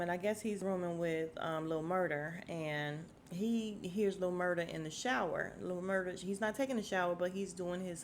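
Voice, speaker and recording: Animated woman recapping a TV episode. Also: fairly low pitch, a little hiss or hum. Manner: animated, acts out characters' lines, laughs often. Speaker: podcast host. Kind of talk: casual TV recap.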